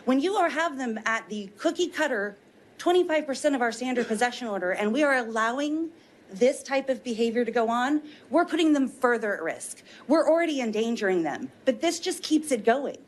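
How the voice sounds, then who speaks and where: A woman's voice: fairly high pitch, lively intonation, fairly quick. Earnest woman testifying at a hearing. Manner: earnest, persuasive, pleading. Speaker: witness testifying at a legislative hearing. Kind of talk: public testimony. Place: legislative hearing room.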